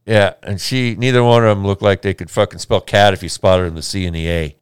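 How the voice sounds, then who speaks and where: A man's voice: deep voice, fairly even intonation, brisk, clean tone, dry recording, studio quality. A man with an Upper Midwest accent co-hosting a podcast, telling laid-back, swearing stories and laughing along. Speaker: podcast co-host. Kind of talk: casual crude podcast banter.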